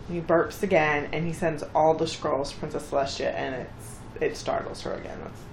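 Casual woman co-host, lower voice, roomy sound, acts out quotes. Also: fairly even intonation, brisk, slight background noise. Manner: chatty, acts out characters' lines with bursts of pitch. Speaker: podcast co-host recapping an episode. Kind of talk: casual chat.

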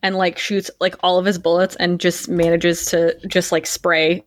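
A woman's voice: on the low side, flat delivery, normal speed, no echo. A woman playing in a tabletop game, chatting casually and hedging as she describes her moves. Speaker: player.

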